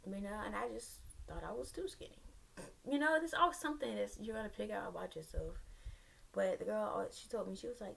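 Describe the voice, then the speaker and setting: Young woman with a gravelly, creaky voice. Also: medium pitch, a little fast, a little hiss or hum. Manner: sassy, animated asides to viewers; candid, rambling with restarts. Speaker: vlogger. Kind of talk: personal storytime vlog.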